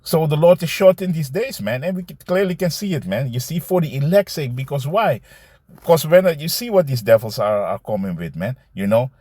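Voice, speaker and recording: A man teaching scripture in a loose, conversational way, reading verses slowly and commenting, often adding "man" and "you see". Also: on the high side, lively intonation, a little mellow, dry recording, studio quality. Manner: reads verses aloud slowly, then comments.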